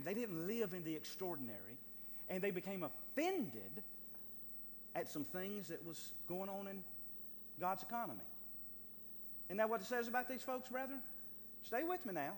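A man preaching a sermon in a church, building from quiet to loud and fervent. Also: sits high, in a large hall, slight background noise.

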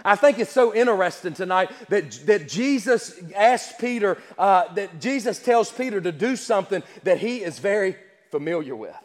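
A man with a high voice preaches a sermon. He repeats his key phrases in a rhythmic, rising way and reads old-style scripture aloud. His voice rings with the long echo of a church hall. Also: expressive, moderate pace.

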